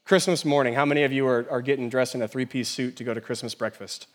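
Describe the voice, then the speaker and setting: Middle-aged male pastor, animated sermon, loud then hushed, rhetorical questions. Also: mid-range voice, quick pace. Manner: animated preaching, swings between loud and hushed; asks the congregation many rhetorical questions.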